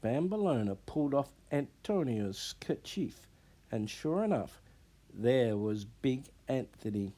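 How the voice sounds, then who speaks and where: A man reading a children's storybook aloud in a measured, expressive way. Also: mid-range voice.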